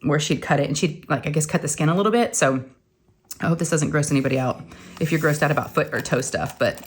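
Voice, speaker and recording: A woman's voice: low-pitched, fast, a little hiss or hum. A middle-aged woman, chatting casually as a crafting channel host and telling a long story full of acted-out quotes. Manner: rambling storyteller, acts out quotes. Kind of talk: casual chat while crafting.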